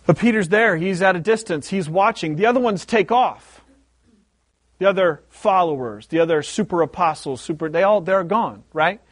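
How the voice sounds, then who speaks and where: A man's voice: high-pitched, expressive, moderate pace, dry recording. A man preaching a sermon as pastor, telling a story with animation and repeating words for emphasis.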